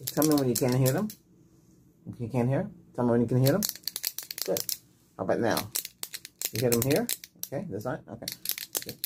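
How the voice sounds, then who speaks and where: A man in a whispered role-play as an emergency doctor, giving soft, patient, gentle instructions. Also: mid-range voice, expressive, a little fast, pauses often. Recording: noisy hiss and clicks.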